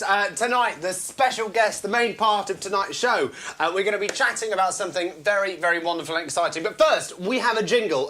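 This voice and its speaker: A woman's voice: medium pitch, fairly bright tone, slight background noise. A woman hosting a live online chat show, giggly and rambling as she talks to viewers and a guest.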